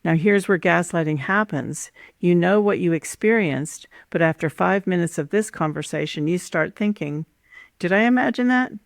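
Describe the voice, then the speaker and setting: A woman host speaks in a calm, measured teaching voice, taking her listener through her points one by one. Her tone carries a gravelly fry, and the recording is close and dry with no room sound. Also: on the low side, no room sound. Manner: calm, measured, instructive, lays out numbered points. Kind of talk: scripted teaching monologue on relationships.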